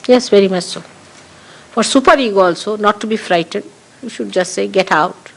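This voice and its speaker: A woman's voice: mid-range voice, normal speed, vocal fry, low-quality recording. Emphatic woman giving a spiritual talk. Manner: emphatic, repeats key phrases for stress. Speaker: spiritual teacher. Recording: 1982 archive recording of a talk.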